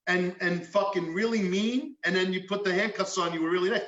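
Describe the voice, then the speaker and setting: A man's voice: high voice, fairly even intonation, normal speed, few pauses, bright, forceful tone, roomy sound, lo-fi sound. A man, a former police detective, telling a story in a podcast chat, acting out quotes and swearing freely.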